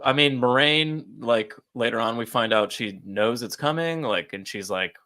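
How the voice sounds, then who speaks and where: A man co-hosting a casual podcast, animated and quick to laugh, swearing freely as he talks. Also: mid-range voice, no echo. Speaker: podcast co-host. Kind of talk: casual chat.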